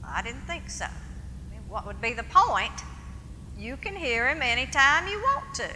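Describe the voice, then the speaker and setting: Stage play: actress as an old lady, tart and prim, high lively voice, echoey auditorium. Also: unhurried, a little hiss or hum, full character voice. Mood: prim, scolding. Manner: tart, prim scolding turning to distraught confusion. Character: elderly Southern lady, proud, prim and sharp-tongued. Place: theater stage.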